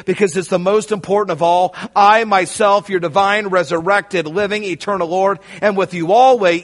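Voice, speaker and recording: A man preaching a sermon, emphatic and rising to shouts on key lines, speaking straight to his listeners. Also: high-pitched. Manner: addresses listeners directly.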